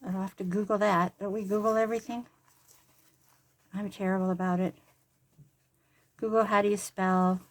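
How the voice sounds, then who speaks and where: An older grandmother who vlogs about crafts talks casually as she sews at home, rambling and joking about herself. Her mid-range voice barely moves in pitch, the pace is normal, and she leaves long pauses.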